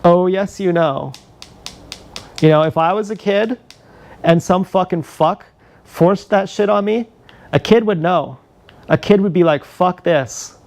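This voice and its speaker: A man's voice: sits high, unhurried, long pauses, darkish tone. A man ranting angrily and profanely on a live stream, filmed with an action camera. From Canada. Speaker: livestreamer.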